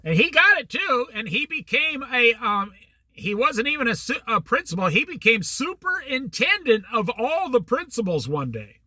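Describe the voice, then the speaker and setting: Lively, bright-voiced older man telling stories. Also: very high-pitched, moderate pace, no echo. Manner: rambling anecdotal storyteller, quotes people in conversation. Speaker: host. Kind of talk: casual storytelling monologue.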